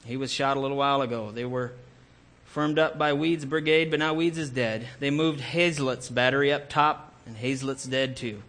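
A man's voice: mid-range voice, steady tone, a bit bright, natural voice. A man voicing an out-of-breath army messenger delivering bad news. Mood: hurried. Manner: hurried reporting.

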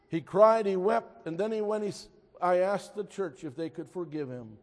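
A man preaching a sermon, telling a story and then pressing his point emphatically before dropping to a hush. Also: sits high, moderate pace, big-room sound. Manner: storytelling, rising to emphatic exhortation, drops to a hush.

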